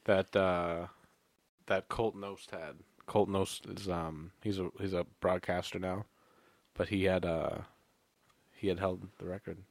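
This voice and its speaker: Man, lowish voice, blunt and swearing, dry studio sound. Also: level tone, measured pace, vocal fry, no room sound. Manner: blunt, swears, explains at length. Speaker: podcast co-host. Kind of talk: casual chat.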